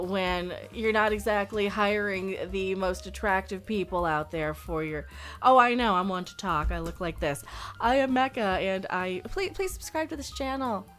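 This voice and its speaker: A woman's voice: medium pitch, a bit bright. A woman hosting her own channel, giving a blunt, sarcastic, rambling opinion rant broken up by laughs. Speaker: channel host.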